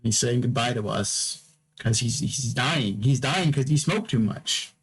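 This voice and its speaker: A man's voice: mid-range voice, lively intonation, unhurried, husky, poor audio. Drowsy man rambling on a podcast. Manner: repeats words and phrases, stammering restarts; drowsy, yawning between topics. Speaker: podcast host. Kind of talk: casual rambling podcast monologue.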